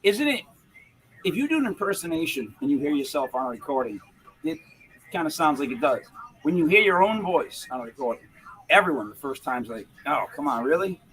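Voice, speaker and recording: A man's voice: fairly high pitch, very animated, brisk, fairly bright tone, poor audio. A man hosting a podcast in a rambling, joking manner, full of restarts. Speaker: podcast host. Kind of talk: casual podcast chat.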